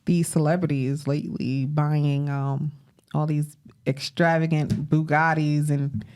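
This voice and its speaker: A woman co-hosting a podcast, talking casually, swearing and rising high when surprised. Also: level tone, measured pace, a little mellow. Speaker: podcast co-host. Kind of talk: casual chat.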